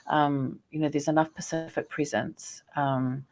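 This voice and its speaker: New zealand woman, low gravelly voice, chatty storyteller on a podcast call. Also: a little slow, faint music behind. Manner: chatty, animated storytelling with laughs. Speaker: guest, Māori scholar and poet. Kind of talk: casual podcast conversation.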